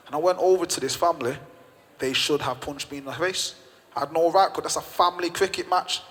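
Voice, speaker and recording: A man's voice: on the high side, a bit bright. A man, a gym owner and podcast guest, telling a story with passionate emphasis and repeated phrases. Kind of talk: storytelling in conversation. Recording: long reverb.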